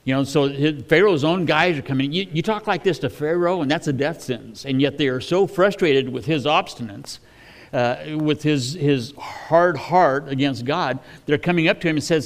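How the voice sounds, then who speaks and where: A man's voice: a little high, normal speed. A man preaching a sermon in a folksy, conversational way, often restarting with fillers.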